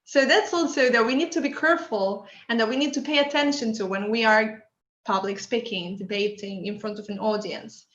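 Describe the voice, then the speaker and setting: A woman's voice: fairly high pitch, brisk, fairly bright tone. Woman teaching on an echoey video call. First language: Spanish. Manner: encouraging, asks the group questions. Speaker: workshop instructor. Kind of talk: online workshop teaching. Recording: echoey room, dull lo-fi audio.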